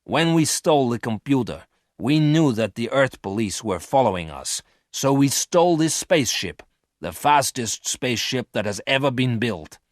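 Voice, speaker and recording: A man's voice: medium pitch, big pitch swings, moderate pace, dry recording, clean studio sound, lightly acted. A man voicing a ruthless male space criminal leader who talks in a harsh, commanding way. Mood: explaining.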